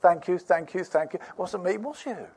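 A high-pitched man preaching a sermon. He swings from hushed, intimate asides to loud, punchy emphasis. He laughs often as he tells his stories. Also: brisk, husky. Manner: animated, dropping to near-whispers and rising to loud emphasis, laughs while preaching.

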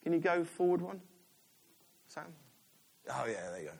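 High-voiced church elder preaching, chatty and joking about himself. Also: male voice, big pitch swings, moderate pace, vocal fry, husky. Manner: chatty, self-deprecating, jokes with the congregation. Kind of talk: sermon.

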